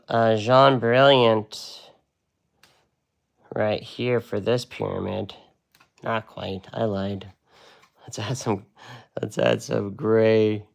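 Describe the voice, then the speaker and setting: A man's voice: lowish voice, vocal fry. A man teaching a casual live watercolor lesson, chatty and rambling with laid-back slang. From United States.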